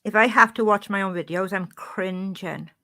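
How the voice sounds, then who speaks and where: A woman's voice: medium pitch, normal speed, pushed and bright. A woman with a Welsh accent chatting casually on a live stream, reading out and answering her chat.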